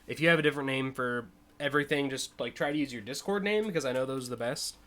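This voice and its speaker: A young man with an American accent talks through a live stream in loose, rambling commentary. His voice is bright and forward at an ordinary mid pitch, peppered with "uh" and "like" and short bursts of laughter. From United States. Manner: rambling and chatty, with frequent uh and like, quick laughs. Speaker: streamer hosting a community car contest.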